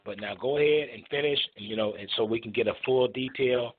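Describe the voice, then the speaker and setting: A man's voice: mid-range voice, brisk. A man hosting a call-in show, talking with stumbling, repeated restarts. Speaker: talk show host. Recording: tinny phone line with faint noise.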